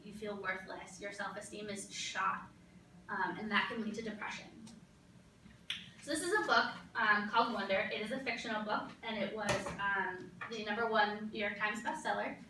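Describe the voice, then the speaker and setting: A woman's voice: medium pitch, fairly even intonation, moderate pace, background noise. A young woman giving a graduate capstone presentation, earnest and explanatory, with frequent ums, in a classroom. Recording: echoey room, recorded from a distance.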